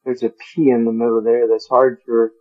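A man's voice: mid-range voice, flat delivery, moderate pace, lo-fi sound. A man teaching a Bible study, carefully sounding out Greek words and chuckling at his own stumbles over hard terms. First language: English.

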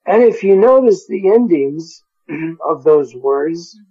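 A man's voice: fairly high pitch, animated, slow, warm tone, slightly rough, highs cut off. A man teaching a Bible study, carefully sounding out Greek words and chuckling at his own stumbles over hard terms. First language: English.

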